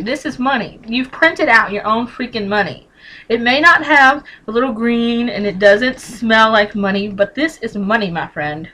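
A woman's voice: fairly high pitch, pushed and bright, poor audio. A woman vlogging a casual how-to on couponing, blunt and chatty, with mild swearing and lots of emphatic repetition, speaking straight to the viewer.

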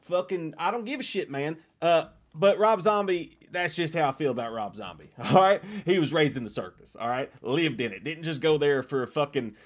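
A man in his thirties hosting a casual movie review, swearing freely, laughing and ranting in an animated way. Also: a little high, normal speed, hardly any pauses. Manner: animated, swearing, mocking impressions, laughs often. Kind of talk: casual profane movie rant.

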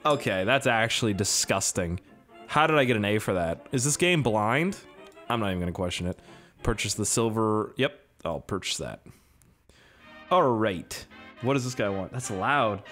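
Young male gamer, casual joking playthrough talk, animated delivery over soft game music. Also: medium pitch. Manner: profane, excitable, jokey. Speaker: gaming YouTuber. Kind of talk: casual gameplay commentary.

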